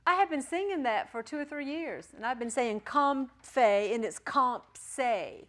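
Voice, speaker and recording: A woman's voice: sits high, expressive, unhurried, a bit bright. A woman teaching a Greek class in a classroom, chatty and encouraging, joking with her students. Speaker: Greek teacher at a ministry school. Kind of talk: classroom lecture.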